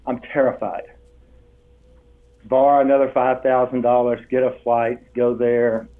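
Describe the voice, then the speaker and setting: An older man, a guest telling stories in an interview, lively and acting out the voices he quotes. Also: mid-range voice, unhurried. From Texas. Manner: animated storyteller, acts out quoted voices with laughs. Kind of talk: storytelling interview. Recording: tinny phone-line sound.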